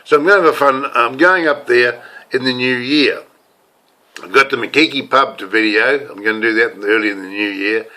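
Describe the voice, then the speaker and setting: A man's voice: medium pitch, normal speed, bright, forceful tone. An older man with a New Zealand accent, talking to camera in a rambling, casual monologue full of restarts. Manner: rambling, many restarts and fillers. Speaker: self-styled preacher and video blogger.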